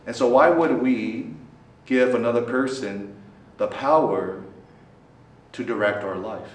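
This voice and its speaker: A man, a priest, giving a talk to a student group. He keeps checking in with "right?" and swings his voice dramatically for emphasis. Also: unhurried. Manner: keeps asking listeners questions, tags "right?"; lively, dramatic swings in pitch and loudness. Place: meeting hall at a student center. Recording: roomy echo, from a distance, faint background noise.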